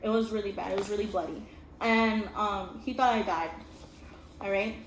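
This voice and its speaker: A young woman vlogger earnestly shares a painful personal story, repeatedly asking her listener "okay?" Her voice is medium-pitched and moderately paced, recorded in an echoey room with steady background noise.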